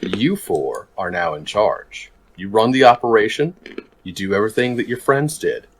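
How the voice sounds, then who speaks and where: A man's voice: on the low side, expressive, moderate pace, a little hiss or hum, close to an everyday voice. A man voicing his tough male adventurer as he lays down hard terms, blunt and businesslike. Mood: threatening.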